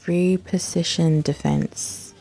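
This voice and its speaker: A woman's voice: fairly low pitch, fairly even intonation, takes it slowly, dark tone, soft background music. A woman hosting a gaming channel, chatting casually and rambling to herself while she browses, with laid-back, profane asides.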